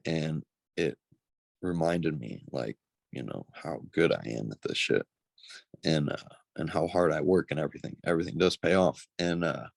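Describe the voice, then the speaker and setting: A young man speaking in a very deep, gravelly voice, recorded close and dry. He talks candidly and bluntly, swears freely, and his voice gets heavy with feeling. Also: moderate pace, no room sound. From Missouri, United States. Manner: blunt and profane, emotional, choked up at times. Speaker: pro MMA fighter, guest. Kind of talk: candid interview talk.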